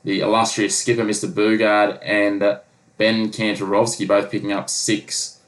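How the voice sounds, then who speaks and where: A man's voice: lowish voice, flat delivery, moderate pace, rough recording. A man co-hosting a casual sports podcast, rambling with lots of fillers. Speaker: podcast co-host.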